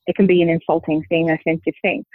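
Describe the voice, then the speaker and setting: Woman, softened Australian accent, measured explaining, phone-like sound, dry. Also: sits low, level tone, no echo. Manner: measured, explanatory, thinks aloud. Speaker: linguist guest. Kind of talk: conversational interview answer. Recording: dry tinny phone-like line.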